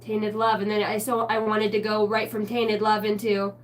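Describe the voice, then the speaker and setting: A woman giving a rambling spiritual tarot reading, excitable and swearing constantly in a stream-of-consciousness flow. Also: mid-range voice, normal speed, few pauses, far from the mic, slight background noise. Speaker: tarot reader.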